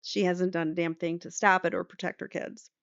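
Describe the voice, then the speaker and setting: Blunt woman host with a smooth voice. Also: on the low side, flat delivery, fairly quick, no echo. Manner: blunt, opinionated asides. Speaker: host reading trial transcripts. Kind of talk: transcript reading with commentary. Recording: slightly muffled dry recording.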